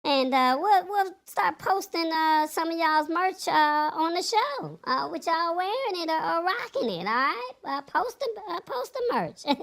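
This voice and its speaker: A woman co-hosting a livestream, bantering in an animated, teasing way. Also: extremely high pitch, a little slow. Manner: animated, teasing, laughs often. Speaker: co-host.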